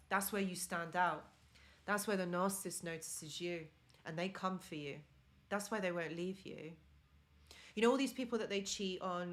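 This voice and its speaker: A woman with a noticeable accent speaks on her live stream, her voice sitting a little on the low side. She talks earnestly and encouragingly, addressing her viewers directly as she gives them advice. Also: fairly bright tone. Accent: non-native accent of English. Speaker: live-stream host and relationship mentor.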